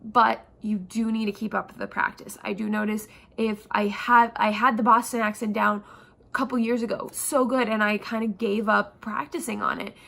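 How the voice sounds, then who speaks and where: A woman's voice: mid-range voice, little pitch movement, moderate pace, gravelly, a bit bright. A young woman acting coach chatting casually to camera in an upbeat, self-assured way. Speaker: actor vlogger.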